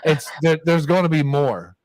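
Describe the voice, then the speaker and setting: A man's voice: fairly high pitch, moderate pace, a little mellow, no room sound. A man telling a rambling, profane story to friends, laughing his way through it. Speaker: storyteller in a group chat. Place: bar or podcast table with friends.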